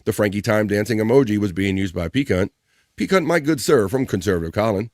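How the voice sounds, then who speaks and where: A man's voice: fairly low pitch, animated, quick pace, dry recording, clean studio sound. A man hosting a live stream in a casual, playful way. He reads out viewer comments and jokes with the chat. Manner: playful, jokey, shouting out viewers by name. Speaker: live-stream show host.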